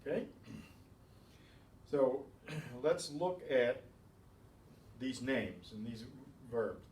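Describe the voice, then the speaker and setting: Speaking extremely slowly yet animatedly, a man with a medium-pitched, darkish voice teaches beginners' Spanish. He explains rules methodically with chatty asides, recorded in an echoey room on a distant mic with faint ambience and slight background noise.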